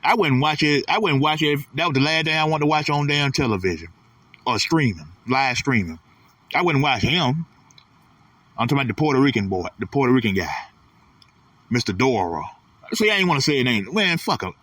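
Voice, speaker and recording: A man's voice: mid-range voice, lively intonation, fairly quick, fairly bright tone, husky, no room sound, far from the mic. A man delivering a blunt, profane, repetitive casual ranting monologue as host of his own channel.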